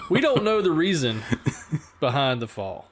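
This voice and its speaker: A man's voice: fairly high pitch, big pitch swings, slow pace, a bit bright, slight background noise. A man hosting a podcast in a playful, joking way. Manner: playful, jokey. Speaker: podcast host. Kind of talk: casual chat.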